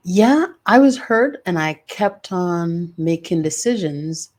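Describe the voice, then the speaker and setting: A woman's voice: fairly low pitch, expressive, darkish tone. Older woman telling her story. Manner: emphatic, drawn-out phrases. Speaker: podcast host and author. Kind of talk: personal storytelling monologue.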